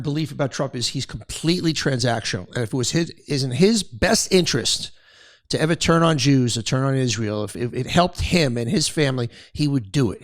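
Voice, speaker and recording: A man hosting a podcast, blunt and profane, cutting in with stammered restarts. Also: mid-range voice. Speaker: podcast host. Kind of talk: heated political conversation.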